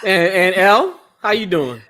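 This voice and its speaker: Excitable male podcast host. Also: normal speed. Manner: excitable, laughs often, jumps up in pitch. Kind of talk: casual podcast chat.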